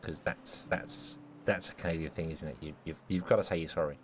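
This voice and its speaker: A man's voice: very deep voice, fairly even intonation, a little fast, faint music behind. A man from Britain chatting casually with viewers while streaming a game, joking and stumbling over his words.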